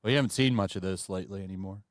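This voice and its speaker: A man's voice: low voice, racing, no room sound, clean studio sound. A man hosting a casual livestream talk show, laid-back and chuckling between remarks. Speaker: podcast host.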